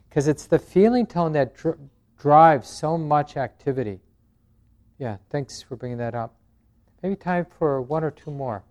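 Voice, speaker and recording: Guy leading a meditation class, gentle and calm, smooth clear voice. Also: medium pitch. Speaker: meditation teacher. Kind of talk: dharma talk with group questions.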